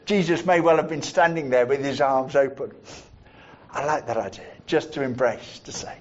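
A man preaching a sermon in a measured, reflective way, repeating phrases for emphasis. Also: mid-range voice, lo-fi sound.

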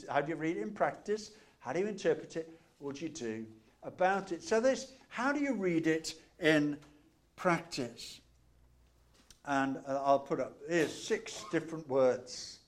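Conversational man preaching. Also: on the high side. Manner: conversational, repeats key phrases, rising emphasis on questions. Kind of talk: sermon.

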